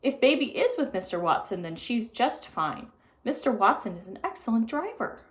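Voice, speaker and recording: A woman's voice: a little high, very animated, moderate pace. A woman doing a sweet, soothing motherly lady. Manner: gentle, cheerful, reassuring. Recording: roomy echo.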